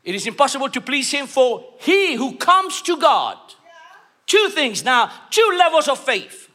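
A man preaching a sermon, emphatic and call-and-response, often rising to shouts. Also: very high voice, very animated, measured pace.

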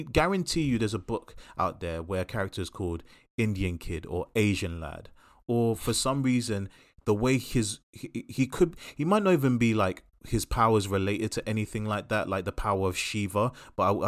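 A man hosting a casual chat podcast, talking in a passionate and opinionated way with quick asides. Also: lowish voice, no room sound, studio quality. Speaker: podcast host.

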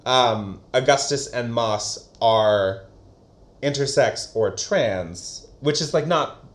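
A man's voice: medium pitch, slow pace. A man co-hosting a casual book discussion, animatedly retelling the story and slipping into voices. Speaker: podcast co-host. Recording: roomy echo.

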